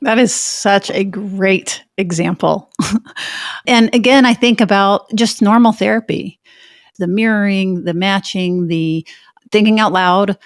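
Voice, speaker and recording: A woman's voice: mid-range voice, steady tone, slow, no echo. Appreciative woman co-host, dry sound. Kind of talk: casual podcast conversation.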